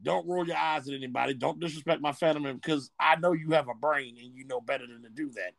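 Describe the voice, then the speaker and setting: A man's voice: mid-range voice, quick pace, creaky, no echo. A man co-hosting a podcast, talking bluntly in a casual, profane way. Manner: blunt, profane, animated storytelling. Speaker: podcast co-host.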